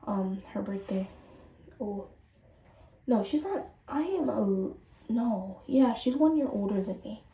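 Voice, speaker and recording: A woman's voice: medium pitch, takes it slowly, pauses often. A woman in her late teens chatting to viewers in a casual storytime while doing her skincare. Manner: chatty, animated, addresses viewers directly. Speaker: vlogger. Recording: roomy and distant from the mic.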